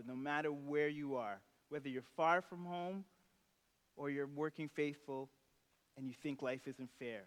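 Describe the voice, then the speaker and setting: A man's voice: fairly high pitch, unhurried, big-room sound. A male pastor preaching a sermon in a church, casual and conversational, now and then acting out characters from the story. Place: church sanctuary.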